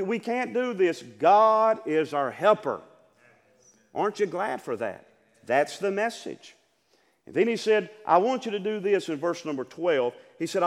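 An older man, a pastor, preaching an impassioned sermon, repeating phrases and rising to loud emphasis. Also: high voice, big-room sound.

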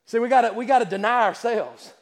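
High-voiced man preaching in an echoey hall. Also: quick pace, vocal fry. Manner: emphatic, repetitive rhetorical questions; stammering restarts. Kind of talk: sermon. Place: church service.

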